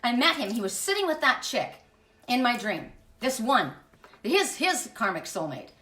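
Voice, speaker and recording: A woman's voice: fairly high pitch, big pitch swings, normal speed, sharp tone, reverberant, recorded from a distance. A woman giving an impassioned spiritual monologue as host, emphatic and blunt, swearing freely.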